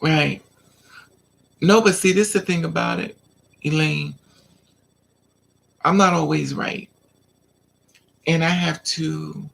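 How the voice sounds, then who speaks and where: A woman's voice: low voice, vocal fry, slightly rough. A woman vlogger telling a personal story in a casual rant, animatedly acting out both sides of an argument.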